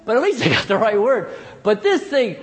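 High, lively preaching man in echoing church. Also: brisk. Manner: animated, folksy, keeps asking the congregation "amen?". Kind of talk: sermon.

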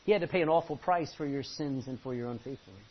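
A male pastor preaching a sermon from the front of a church, impassioned, swinging from loud pleading to low intensity. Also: fast talker. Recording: dull lo-fi recording with faint hiss.

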